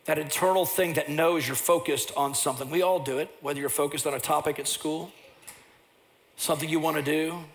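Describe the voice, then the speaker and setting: A pastor preaching a sermon, telling personal stories, and at times rising into loud impassioned preaching. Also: male voice, a little high, fairly even intonation, brisk, slight background noise.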